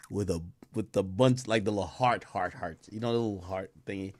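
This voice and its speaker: A man's voice: lowish voice, normal speed, darkish tone, slightly rough, dry recording. A man in a casual live stream who rambles animatedly with lots of slang.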